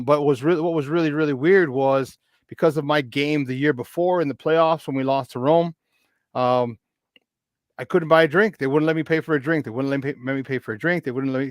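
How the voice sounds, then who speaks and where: A man's voice: on the high side, no echo. Chatty man in his fifties, dry sound. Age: 50s. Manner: chatty, animated, with many restarts. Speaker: podcast guest. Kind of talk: casual storytelling.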